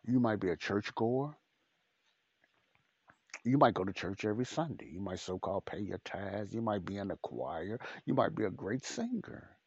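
A man's voice: fairly low pitch, animated, moderate pace, a little mellow, breathy edge, no room sound, dull audio. A man preaching a podcast sermon in a blunt, repetitive, emphatic way.

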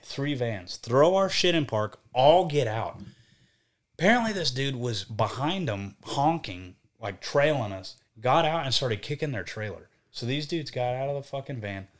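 A young man, a band vocalist, telling a road story in casual podcast chat, cursing freely and acting out what people said. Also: mid-range voice. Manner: profane, animated, acts out quotes.

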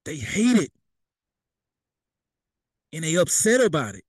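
This young male preacher delivers his sermon in a plain, talky style, with vernacular asides and voices acted out for the people he quotes. His husky voice is fairly high, swings widely in pitch, and moves slowly, with no echo.

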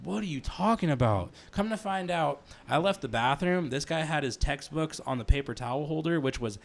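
A young man co-hosting a casual podcast, cracking quick jokes and telling long stories. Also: on the high side. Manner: jokey quips, long, detailed anecdotes. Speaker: podcast co-host. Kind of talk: casual storytelling chat.

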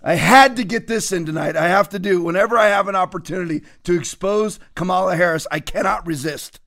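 A male host rants through political commentary in a mocking, sarcastic way. He often breaks into laughter. His voice sits high for a man. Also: fairly quick, gravelly, a bit bright.

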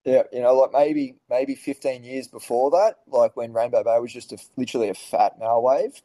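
A man's voice: medium pitch, fairly even intonation, moderate pace, warm tone, no echo, rough recording. A man telling rambling stories in a casual podcast chat, swearing freely and restarting his sentences often. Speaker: podcast guest.

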